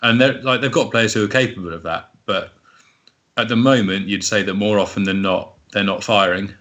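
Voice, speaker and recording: A man's voice: lowish voice, steady tone, a bit bright. A man in casual football chat, rattling off player names and laughing often. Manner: chatty, laughs often, lists players quickly. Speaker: podcast co-host.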